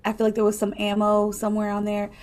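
A woman's voice: mid-range voice, completely flat delivery, fast, darkish tone. A woman co-hosting a podcast, chatting in a hesitant, rambling way full of fillers. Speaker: podcast co-host. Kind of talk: casual chat.

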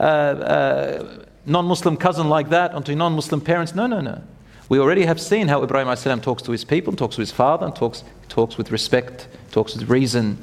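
A man preaching an animated storytelling sermon, acting out quotes and chanting scripture. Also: fairly high pitch. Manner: animated, acts out quotes, chants Quran verses. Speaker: Islamic preacher. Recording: long hall reverb.

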